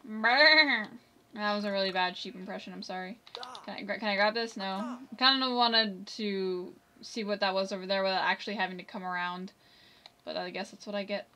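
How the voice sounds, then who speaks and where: A woman's voice: medium pitch, level tone, a little fast, bright, forceful tone, a little hiss or hum. A woman giving chatty, giggly let's-play commentary, talking back to the game characters. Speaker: gameplay commentator.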